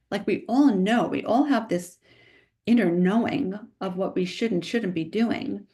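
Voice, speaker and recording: Emphatic woman nutritionist, talking fast. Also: mid-range voice, mellow. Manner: quick, emphatic, full of rhetorical "right?". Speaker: nutritionist guest. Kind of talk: conversational podcast interview.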